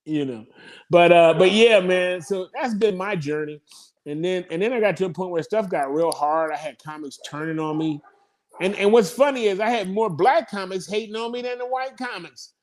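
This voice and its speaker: A man's voice: sits high, moderate pace. Profane, laughing man in his fifties. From United States. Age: 50s. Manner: profane, laughing, rambling comic asides. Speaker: comedian guest. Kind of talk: casual interview storytelling.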